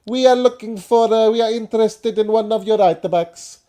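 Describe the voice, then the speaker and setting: A man voicing a pushy male Italian football negotiator in a put-on Italian accent, haggling loudly. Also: sits high, fairly even intonation, moderate pace, clear, resonant tone, pitched above the performer's own voice, natural voice. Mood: wheedling. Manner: loud, wheedling haggling.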